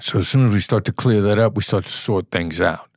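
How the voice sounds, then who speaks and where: A man's voice: lowish voice, brisk, no room sound, clean studio sound. A man, a former negotiator, explaining ideas in a conversational podcast interview, sometimes acting out different tones of voice. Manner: earnest and explanatory, acts out tones of voice to illustrate.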